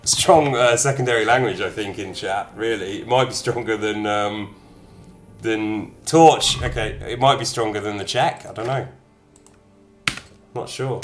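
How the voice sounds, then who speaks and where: A man's voice: mid-range voice, moderate pace, a little hiss or hum. A man casually chatting to his live-stream viewers as he plays a game, reading out their comments with jokey asides. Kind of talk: casual live-stream chat while gaming.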